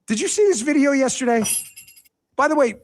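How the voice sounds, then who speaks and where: A man's voice: extremely high pitch, animated, brisk. A middle-aged man hosting a political talk show, giving emphatic, sarcastic commentary and speaking straight to his viewers.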